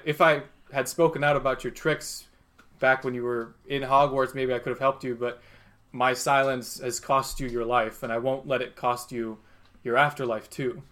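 A man voicing a calm, gentle old headmaster wizard with a soft, measured put-on accent. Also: mid-range voice, close to an everyday voice.

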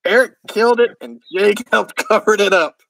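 A man reading aloud, voicing a crude, gluttonous, angry man who hurls insults. His voice sits high for a man and is dry and close. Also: moderate pace, creaky, a bit bright, no echo, full character voice, rough recording. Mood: angry, sneering.

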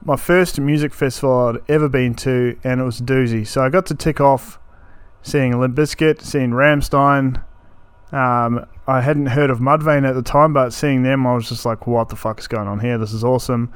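A man's voice: medium pitch, steady tone, moderate pace, clear, resonant tone, no echo. A man in his thirties, from New Zealand, hosting a solo podcast in a blunt, sweary, ranting way. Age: 30s. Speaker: podcast host.

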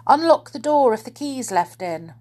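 A woman's voice: a little high, animated, moderate pace, darkish tone, voice pushed up. A woman reading aloud, voicing a jolly, round-faced magical man in a storybook. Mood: eager.

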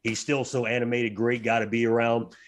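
A man, speaking at a middle pitch as a fight announcer guest on a podcast. He tells stories in an animated way, acting out other people's lines in a raised voice. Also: fairly quick. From South Louisiana. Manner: animated storyteller, acts out dialogue in a raised voice. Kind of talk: casual podcast chat, storytelling.

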